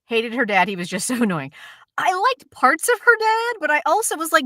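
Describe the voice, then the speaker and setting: A woman's voice: high voice, moderate pace, no echo, studio quality. A woman co-hosting a casual chat show, ranting animatedly about a drama and acting out its scenes. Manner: animated, ranty, swears, acts out scenes. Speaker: co-host.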